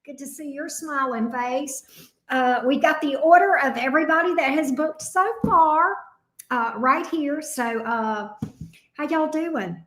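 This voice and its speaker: A woman's voice: sits high, measured pace, fairly bright tone, echoey room. A woman with a Southern US accent hosting a tarot livestream, chatting casually and greeting her viewers one by one by name.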